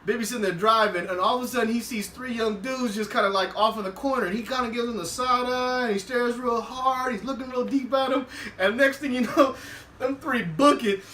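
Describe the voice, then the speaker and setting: Animated high-voiced man recapping a show. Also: fairly quick, distant mic, a little hiss or hum. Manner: animated, laughs often, acts out quotes. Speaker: podcast host. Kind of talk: casual TV episode recap. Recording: roomy, away from the mic.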